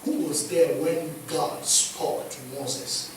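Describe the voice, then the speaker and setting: Kenyan man, pastor preaching, high voice, emphatic with loud and hushed swings, very echoey hall, mic at a distance. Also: flat delivery, slow, a little hiss or hum. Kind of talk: sermon. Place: church hall.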